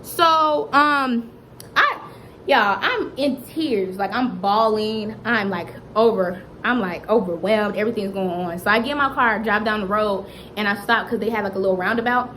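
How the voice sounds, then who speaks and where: A young woman vlogger telling a dramatic personal story in a lively, chatty way, often turning to address her viewers. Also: mid-range voice, normal speed, a little hiss or hum, low-quality recording. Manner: animated, dramatic retelling that keeps addressing viewers directly. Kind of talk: storytime vlog.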